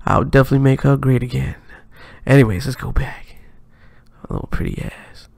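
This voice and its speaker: A man hosting a casual reaction stream, excitable and profane, laughing often between comments. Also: medium pitch, brisk, vocal fry, no echo, clean studio sound. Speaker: reaction channel host.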